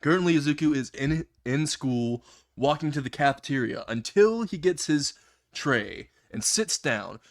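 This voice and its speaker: Man, comedic story narration, casual, swearing, giggling, slightly high pitch. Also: expressive, a little slow. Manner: laughs at own jokes, swears casually. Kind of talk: comedic fan-fiction storytelling.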